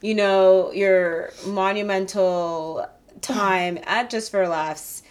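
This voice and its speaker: A woman's voice: medium pitch, fairly even intonation, slow, smooth. A woman hosting a podcast, teasing her guest in casual interview chat and laughing often. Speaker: podcast host.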